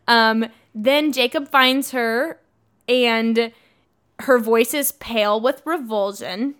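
A young woman with a fairly high voice chats casually as a podcast co-host. She retells a story with animated energy, jumping into different voices to act out quotes. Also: slow, a little hiss or hum. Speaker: podcast co-host recapping a novel. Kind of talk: casual chat.

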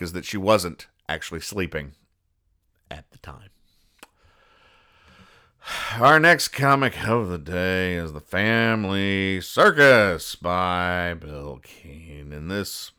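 A man hosting a comedy podcast, explaining comic strips in a dry, deadpan, sarcastic way with frequent restarts. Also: low-pitched, clear, resonant tone. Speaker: podcast host reading comics.

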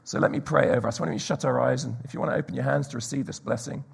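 A man preaching a sermon, telling stories and dropping to a hushed whisper for emphasis. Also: mid-range voice, steady tone, rapid-fire, vocal fry, slightly rough.

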